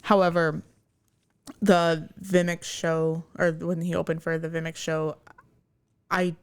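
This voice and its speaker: A woman's voice: fairly low pitch, flat delivery, takes it slowly, clear, resonant tone. A woman co-hosting a podcast, chatting casually, hesitant and mostly giving short replies. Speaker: podcast co-host. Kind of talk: casual chat.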